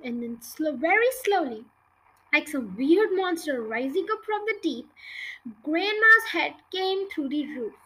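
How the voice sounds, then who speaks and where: Podcast reader: woman, expressive children's-book narration, bright tone. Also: high-pitched, a little slow, poor audio. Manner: expressive, lively read-aloud. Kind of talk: reading a children's book aloud.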